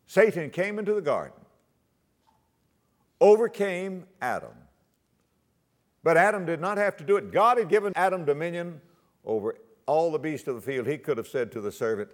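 A man preaching a sermon, quoting scripture in old-fashioned wording and swinging his voice high and low for emphasis. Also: very animated, moderate pace, long pauses. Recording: long hall reverb.

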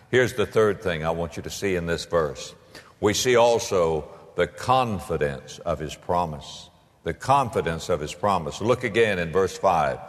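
A pastor preaching a sermon, emphatic, moving between loud proclaiming and hushed storytelling. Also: male voice, mid-range voice. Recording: long hall reverb.

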